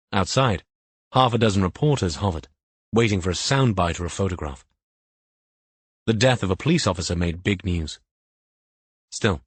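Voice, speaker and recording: A man narrating a crime novel audiobook in measured, scripted narration. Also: low-pitched, breathy edge, no echo.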